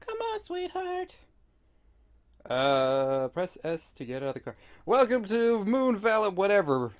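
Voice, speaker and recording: Man, let's play commentary, rambling, deadpan absurd humor, pitch jumping all over. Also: moderate pace, clear, resonant tone. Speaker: gamer.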